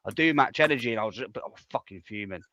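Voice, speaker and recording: A man on a live-stream panel who talks bluntly, swears freely and gets heated quickly. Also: medium pitch, expressive, dull audio, a crowd in the background. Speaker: panel guest. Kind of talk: casual live-stream debate.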